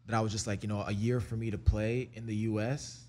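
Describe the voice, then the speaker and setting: A young man from Canada, a guest telling his life story in a casual, energetic and profane way. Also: fairly low pitch, fast. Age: young adult. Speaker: interview guest, rapper.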